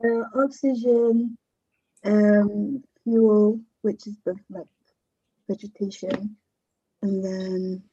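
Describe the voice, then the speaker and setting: A woman's voice: medium pitch, level tone, extremely slow, dark tone, husky, muffled recording. Hesitant woman answering from the audience. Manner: hesitant, searching for words. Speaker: audience member.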